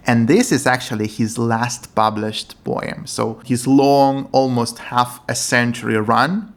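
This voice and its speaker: A man's voice: mid-range voice, vocal fry. Earnest man explaining poetry translation. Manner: earnest, enthusiastic, non-native English phrasing.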